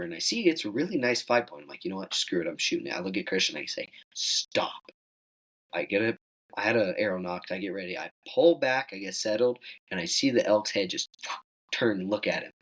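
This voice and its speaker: Teen guy, kinda low voice, telling a hunting story all animated, goes higher doing what people said. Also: quick pace, poor audio. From Wyoming. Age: teens. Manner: animated, acts out quoted dialogue in higher voice. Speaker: guest hunter. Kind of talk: casual storytelling.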